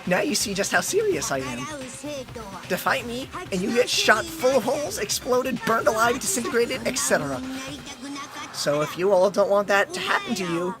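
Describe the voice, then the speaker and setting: A man voicing a gleeful, sadistic bear headmaster in a high, sing-song, mocking voice while reading a game aloud, with light game music behind. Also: big pitch swings, moderate pace. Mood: gloating.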